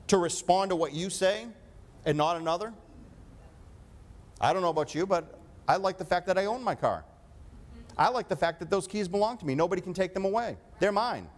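A man delivering a sermon in a fairly high voice. He preaches emphatically, pressing his points and turning to the congregation for an amen.

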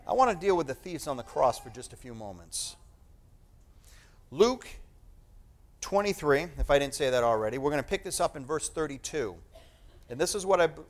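A male pastor preaching a sermon, reading scripture aloud with emphatic, dramatic stress and slowed-down key phrases. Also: mid-range voice.

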